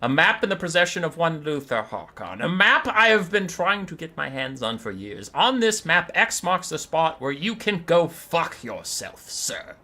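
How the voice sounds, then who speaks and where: A man voicing a haughty, sarcastic male high elf mage in lofty, theatrical speech with deadpan insults. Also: normal speed, few pauses, exaggerated voice.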